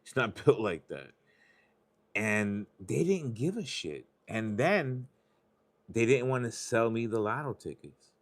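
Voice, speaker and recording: In a medium-pitched, sing-song voice, a man speaks slowly as he hosts a live stream. He scratches lottery tickets and chats casually, rambling, confiding and swearing freely.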